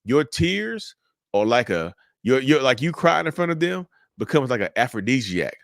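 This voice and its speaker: A man giving casual, animated commentary to his viewers, repeating his points and calling them y'all. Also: medium pitch, normal speed, no echo, studio quality. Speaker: mental health commentator.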